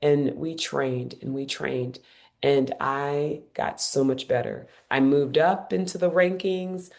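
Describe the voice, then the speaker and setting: A woman in her forties, a guest on an interview podcast, telling her story in a lively, emphatic way and repeating phrases for effect. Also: a bass voice, slow, vocal fry. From Cincinnati, United States. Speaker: guest, former Olympic runner.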